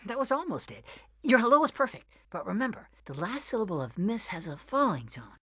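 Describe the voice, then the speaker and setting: A woman voicing a patient adult female language tutor who corrects gently. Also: on the high side, big pitch swings, a little fast, husky, dry recording, clean studio sound, exaggerated voice.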